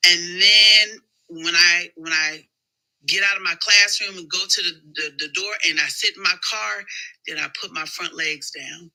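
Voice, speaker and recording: A woman who is a schoolteacher, chatting casually and telling animated stories. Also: fairly low pitch, measured pace, low-quality recording. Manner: animated, storytelling. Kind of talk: casual chat.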